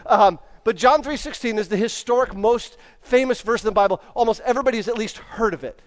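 A pastor delivers a sermon in a church with an extremely high, fast voice, keeping it casual and conversational and acting out the lines he quotes.

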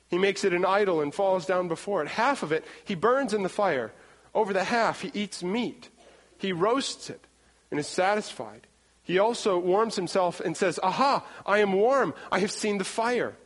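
High-voiced man preaching in a hall. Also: normal speed. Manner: animated, acts out scenes, repeats words. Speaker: pastor. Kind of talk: sermon. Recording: long hall reverb.

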